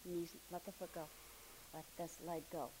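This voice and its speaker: Soft-spoken woman coaching a movement class. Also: lowish voice, little pitch movement, moderate pace, noisy background. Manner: coaxing, encouraging, often drops to a near murmur. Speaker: movement instructor. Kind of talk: hands-on class instruction.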